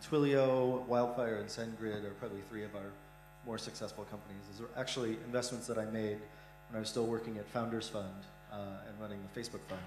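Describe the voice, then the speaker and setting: Middle-aged man, investor on a conference stage, blunt and frank, lowish voice, full of "uh"s, echoey hall with hum. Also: steady tone, fast talker, a little mellow, faint music behind. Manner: blunt, frank, many "uh" fillers. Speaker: investor, startup fund founder. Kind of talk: conference interview answers.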